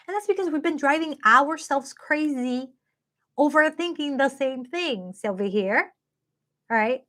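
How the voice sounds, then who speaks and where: Woman, high voice, tarot reader, live stream, chatty, upbeat. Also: expressive, unhurried, sharp tone. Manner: chatty, upbeat, addresses viewers directly.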